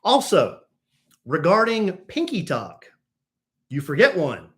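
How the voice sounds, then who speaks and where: A man's voice: sits high, huge pitch swings, slow. A man co-hosting a podcast in casual chat, playful as he reads listener letters aloud. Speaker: podcast co-host.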